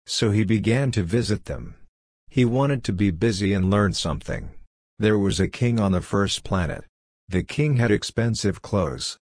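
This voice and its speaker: A man narrating a storybook in a measured, simple reading style. His voice sits low and the recording is close and dry, with no room sound. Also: a little mellow, no room sound.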